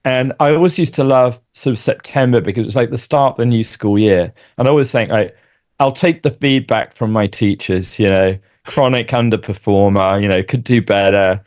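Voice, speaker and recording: A man's voice: fairly low pitch, moderate pace, a little mellow. Reflective, self-deprecating male guest. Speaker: podcast guest. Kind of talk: casual interview chat.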